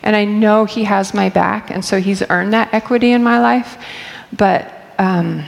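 Middle aged church lady telling stories, low gravelly voice, laughs a lot, big echoey hall. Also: fairly even intonation, unhurried. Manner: candid, chatty, laughs often. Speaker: church staff member speaking. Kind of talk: personal storytelling talk. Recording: long hall reverb.

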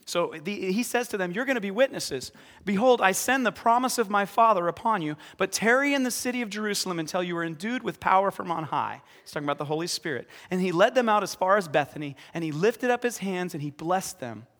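A man preaching as pastor in a church, lively, acting out scripture scenes with sudden shouts. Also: sits high, quick pace. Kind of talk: sermon. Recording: long reverb of a hall.

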